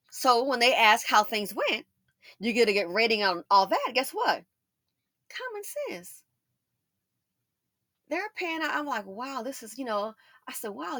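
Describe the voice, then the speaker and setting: A woman hosting a casual commentary monologue, telling personal stories in an animated way and acting out the voices of the people she quotes. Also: no room sound. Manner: animated storytelling, acts out quoted voices with big pitch jumps. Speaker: commentary channel host.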